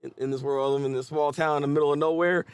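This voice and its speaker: A man hosting a casual live manga reaction, chatty and animated, often restarting his sentences. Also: on the high side, quick pace, smooth, dry recording.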